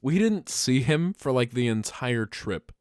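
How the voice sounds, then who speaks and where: Lively young man telling a story. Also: medium pitch, measured pace, clean tone, dry recording, studio quality. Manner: animated, laughs often, breaks into loud yelled bits. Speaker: podcast co-host. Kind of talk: casual comedic storytelling.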